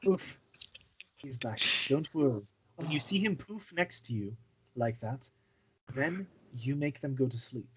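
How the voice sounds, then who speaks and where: A man's voice: medium pitch, expressive, a little slow, long pauses. Guy at a tabletop game, mid voice, patient coaxing tone, light background hiss. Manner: patient, coaxing, talks as if to a child. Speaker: player. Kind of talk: casual tabletop game chat and in-character talk.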